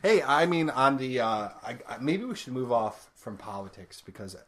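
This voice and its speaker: A man's voice: mid-range voice, very animated, normal speed, a bit bright. A man chats casually in a mid-range voice. He jokes, swears lightly and drifts from one topic to the next. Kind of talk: casual chat.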